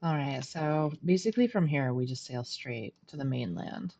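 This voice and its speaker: Low-voiced chatty woman game streamer. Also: animated, moderate pace, dark tone, slight background noise. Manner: chatty, laughs often, self-deprecating. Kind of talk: casual gameplay commentary. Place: at home.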